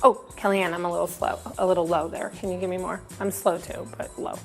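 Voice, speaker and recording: A woman's voice: fairly low pitch, flat delivery, brisk, creaky, faint music behind. Bawdy woman hosting a comedy show. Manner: bawdy, self-mocking banter. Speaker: host.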